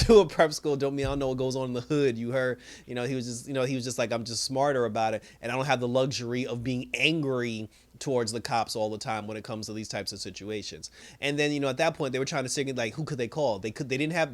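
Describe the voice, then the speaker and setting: A man in a casual review show, talking through a TV episode at an easy, rambling clip. He leans on "you know" and "like", slips into the characters' voices for quotes and breaks into laughter now and then. His voice sits at a middle pitch. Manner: rambling, many fillers, acts out quotes, laughs often. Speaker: TV review host.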